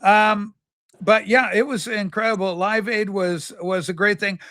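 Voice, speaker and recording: Guy hosting a stream, super high bright voice, campy rambly storyteller. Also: fairly even intonation, unhurried, no echo, studio quality. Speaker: livestream host. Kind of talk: casual chat.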